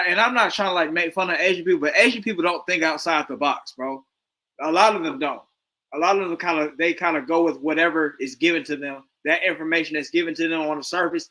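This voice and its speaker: Reacting to a debate on his stream, a man rambles casually, packing his commentary with slang and fillers. His slightly high voice sounds pushed and bright, captured on a rough recording.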